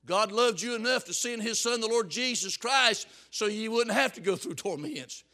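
A man preaching a fiery revival sermon, swinging from hushed tones to shouts and repeating words for emphasis. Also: high-pitched, normal speed.

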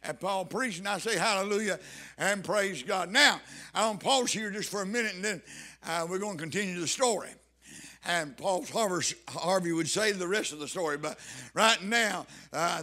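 A man's voice: high voice, pushed and bright. A man preaching a sermon to his congregation, reading scripture and pressing his points with fervent emphasis. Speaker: pastor.

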